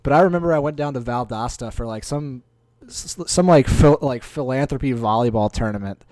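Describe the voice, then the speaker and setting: A man's voice: mid-range voice, brisk, a little mellow, dry recording. A man from North Carolina in casual chat, telling stories in a rambling, hedging way.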